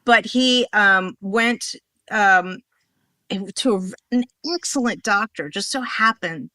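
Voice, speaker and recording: Bright-voiced animated woman telling a story. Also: mid-range voice, slow pace, dry recording. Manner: animated, rambling, acts out quoted dialogue. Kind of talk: casual storytelling in a podcast conversation.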